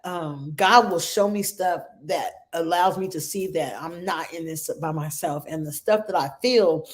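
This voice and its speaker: A middle-aged woman hosting a support group for grieving mothers, telling a story in an earnest, emotional way and often checking in with "right?" and "okay?". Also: fairly low pitch.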